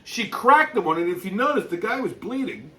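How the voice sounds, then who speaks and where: Profane ranting man, bright voice. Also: high-pitched, very animated, brisk, recorded from a distance. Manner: profane, exasperated, laughs between remarks. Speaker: host. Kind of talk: ranting commentary on a video clip.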